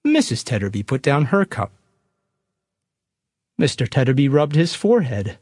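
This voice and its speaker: A man preaching, retelling a story slowly and expressively. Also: medium pitch, sing-song, a little mellow, dry recording, clean studio sound. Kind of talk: storytelling sermon.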